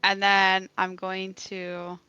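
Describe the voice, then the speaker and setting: Brief: female player, slow and bright, giggly, slightly muffled recording. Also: medium pitch, monotone, clear, resonant tone, no room sound, soft background music. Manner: giggly, hesitant. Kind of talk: playing a tabletop game.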